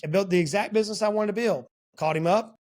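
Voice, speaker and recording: A man's voice: sits high, fast talker. A man in his forties from South Georgia with a Southern accent, a business guest telling folksy stories in a podcast interview. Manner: animated folksy storyteller.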